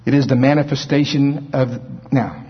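A man preaching a sermon in a folksy, animated way, acting out scripture scenes in different voices. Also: mid-range voice, normal speed, husky. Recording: dull lo-fi recording.

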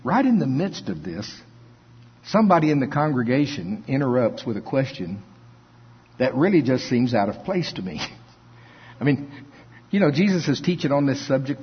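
A male preacher giving a conversational sermon, reading scripture aloud and chuckling between his points. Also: medium pitch. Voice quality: husky. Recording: dull lo-fi recording.

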